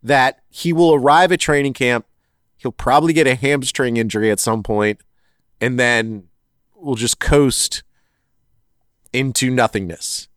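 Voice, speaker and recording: A man in the middle of his range co-hosts a casual sports podcast. He rambles in an animated way and corrects himself as he goes. The sound is very dry and close. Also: mid-range voice, normal speed, clear, resonant tone, dry recording. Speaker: podcast co-host.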